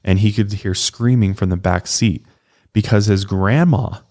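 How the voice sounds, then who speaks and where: A man with a deep, low voice narrates a true-crime case in a relaxed, conversational way. He co-hosts a podcast and drops the odd swear word as he tells the story. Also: unhurried. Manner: relaxed, swears casually, acts out quotes. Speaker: podcast co-host.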